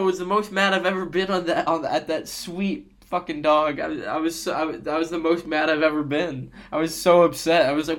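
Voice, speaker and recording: A man's voice: fairly high pitch, fairly even intonation, fairly quick, few pauses. A young man in casual podcast chat, telling rambling, sweary stories and laughing often, recorded on a computer microphone. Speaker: podcast co-host.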